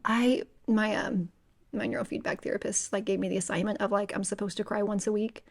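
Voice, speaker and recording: A woman's voice: medium pitch, steady tone, a little fast, gravelly. A woman co-hosting a book podcast, talking casually with lots of fillers and acting out her own inner voice. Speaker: podcast co-host. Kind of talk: casual book-club chat.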